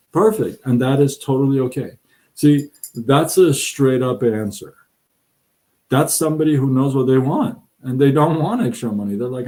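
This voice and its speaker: With a dark tone, medium pitch and moderate pace, a middle-aged live-show host gives viewers blunt motivational talk about side income. He is emphatic, acts out what others say, and occasionally stumbles over words.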